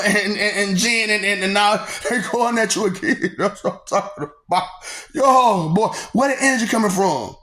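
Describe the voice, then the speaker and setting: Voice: medium pitch, a bit bright. A vlogger ranting to the audience in a rambling, teasing way, laughing often between lines and repeating words in a sing-song manner. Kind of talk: rambling rant to the camera.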